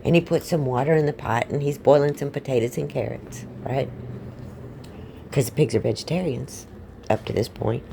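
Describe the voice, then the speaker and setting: Woman storyteller, casual comic retelling, rambling and offhand, very low voice, dark tone. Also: moderate pace, creaky, slight background noise. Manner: rambling, offhand, irreverent asides.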